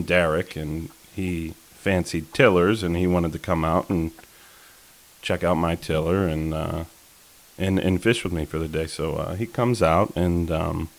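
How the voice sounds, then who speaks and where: A man with a very low voice tells a fishing tale in a loose, rambling chat. He wanders through fillers and restarts as he goes. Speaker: podcast co-host telling a fishing story. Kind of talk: casual storytelling chat.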